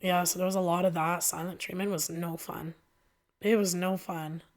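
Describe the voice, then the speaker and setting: A woman guest on a podcast telling her own story frankly, in an animated way with many fillers. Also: fairly low pitch, moderate pace. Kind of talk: candid personal storytelling.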